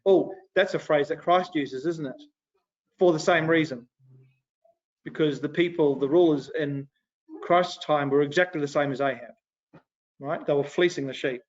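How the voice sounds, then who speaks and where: A man teaching an adult Sunday school class in a casual, animated way, retelling scripture conversationally. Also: fairly high pitch, moderate pace. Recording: dull lo-fi recording.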